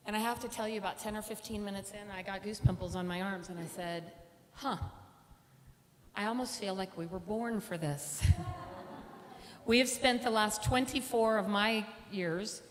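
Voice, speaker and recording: Middle-aged woman on a conference stage telling her story, does the voices, long echo, faint room hum. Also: mid-range voice. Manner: animated storyteller acting out quoted voices. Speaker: conference speaker. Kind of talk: personal story talk on stage. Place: large conference hall. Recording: reverberant hall with faint room noise.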